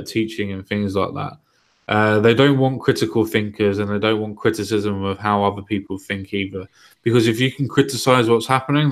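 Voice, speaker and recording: A man hosting a casual political podcast, talking loosely and mocking what others said. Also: lowish voice. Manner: conversational, mocking quotes. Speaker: podcast host.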